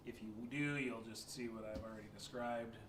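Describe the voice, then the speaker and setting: A man narrating a tabletop game as game master, relaxed and hesitant with many fillers. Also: fairly low pitch, brisk. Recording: echoey room with background noise.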